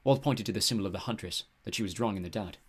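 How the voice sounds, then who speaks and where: A man's voice: on the low side, racing, fairly bright tone, breathy edge. Man narrating an audiobook. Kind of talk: scripted narration.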